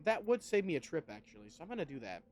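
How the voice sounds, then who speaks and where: A man's voice: on the high side, big pitch swings, quick pace, a little mellow, slight background noise. A man streaming a video game, chatting casually and wryly to viewers, swearing freely as he plays. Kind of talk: casual gameplay commentary.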